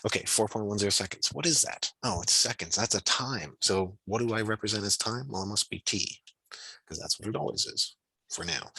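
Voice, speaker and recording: A man with a deep, bright, husky voice tutors physics over a video call. He thinks out loud in a relaxed, encouraging way and scatters fillers through his explanations. The sound is dry and close. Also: no echo, poor audio. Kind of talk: online tutoring session.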